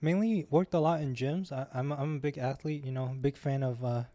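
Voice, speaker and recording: A man's voice: mid-range voice, a little fast, warm tone, dry recording. A man in his twenties, a guest on a casual podcast, talking in an easygoing, laid-back way. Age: 20s.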